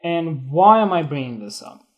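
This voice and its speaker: A man's voice: a little high, animated, moderate pace, dull audio. A young man hosting a solo photography show, rambling and blunt, swearing freely as he talks off the cuff on a live stream. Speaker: photography podcast host.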